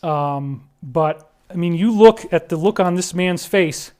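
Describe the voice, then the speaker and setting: A man with a fairly high voice walks the listener through photos in earnest, conspiratorial commentary. His talk is full of restarts, and he turns pleading and choked up, close to tears. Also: unhurried, darkish tone. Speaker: speaker presenting disclosure claims. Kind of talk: emotional commentary over photos.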